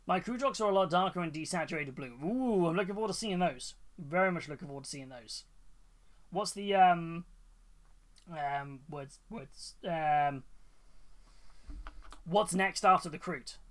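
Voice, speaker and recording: A man's voice: a little high, a little slow, pauses often, a bit bright. A man hosting a livestream, chatting casually and enthusiastically about painted miniatures, rambling with fillers and restarts. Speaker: livestream host. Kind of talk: casual chat reacting to viewers' miniatures.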